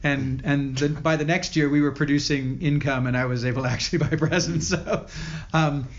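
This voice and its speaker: A man's voice: fairly high pitch, steady tone. A man guest on a podcast telling a personal story in an earnest way, often stopping and restarting his sentences. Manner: earnest, halting with many restarts. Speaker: podcast guest, company founder. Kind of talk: storytelling interview. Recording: dull lo-fi audio.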